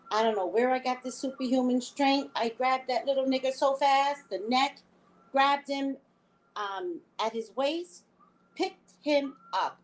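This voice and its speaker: Animated middle-aged woman telling a story. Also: sits high, a little hiss or hum. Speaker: psychic reader. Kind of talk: live reading chat.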